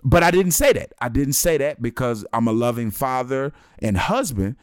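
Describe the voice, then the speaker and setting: A man's voice: medium pitch, normal speed, clean tone, no room sound, clean studio sound. A man in his thirties telling a comic story in casual chat and acting out the other people in it. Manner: animated, acts out other people's lines.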